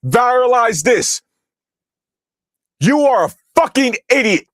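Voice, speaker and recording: Brief: young male streamer, high voice, angry profane rant, dry close mic. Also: very animated, takes it slowly, no room sound. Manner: angry, profane, shouting at chat. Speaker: streamer reacting to chat. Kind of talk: heated political livestream rant.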